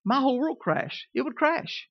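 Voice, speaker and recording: A middle-aged man preaching a sermon, telling humorous stories with lively rising emphasis. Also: extremely high pitch, moderate pace, dry recording, dull audio.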